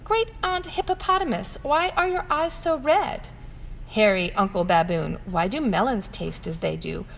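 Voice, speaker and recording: A woman's voice: mid-range voice, expressive, measured pace, gravelly, long reverb tail, slight background noise. A woman voicing a small, curious young female elephant in a storybook reading, eager and full of questions.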